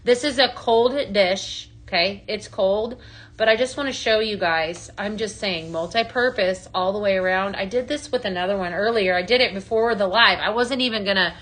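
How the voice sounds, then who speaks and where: Bright, chatty woman selling on a live stream. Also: medium pitch, normal speed. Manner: rambling and upbeat, full of fillers, answering viewers' comments by name. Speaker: host of a live product sale.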